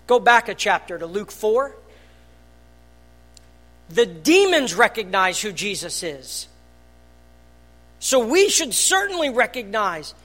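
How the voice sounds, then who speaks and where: An earnest pastor preaches in a church, moving between hushed, almost murmured phrases and loud, emphatic bursts. The voice sits at a middle pitch and builds steadily toward each point. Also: big pitch swings, takes it slowly, long pauses. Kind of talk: sermon. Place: church hall.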